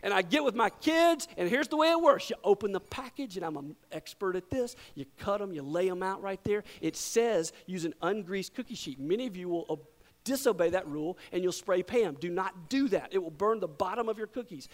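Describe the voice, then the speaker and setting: A middle-aged male pastor preaching a sermon, telling a story with big swings from loud exclamations to hushed near-whispers. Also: high-pitched, lively intonation, a little fast.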